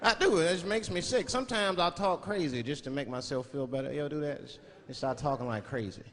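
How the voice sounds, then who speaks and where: A man from Washington, D.C., doing animated, profane stand-up comedy on a large theater stage and switching between voices. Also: on the high side, quick pace. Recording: echoey hall, loud crowd laughter.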